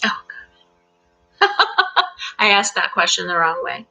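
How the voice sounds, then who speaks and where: A middle-aged woman teaching English on a live stream, explaining patiently and clearly with fillers and easy laughs. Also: fairly low pitch, very animated, slow, bright, forceful tone, dull audio. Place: home in Central Virginia.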